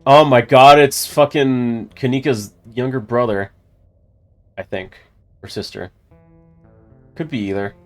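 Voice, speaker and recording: A man's voice: mid-range voice, takes it slowly, pauses often, darkish tone, faint music behind. A man hosting a gaming channel, reading a visual novel aloud with joking asides.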